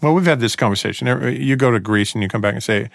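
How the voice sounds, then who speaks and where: A man's voice: medium pitch, racing, gravelly, no echo, clean studio sound. A man co-hosting a casual chat about a documentary, speaking earnestly and thoughtfully, with frequent restarts. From Texas.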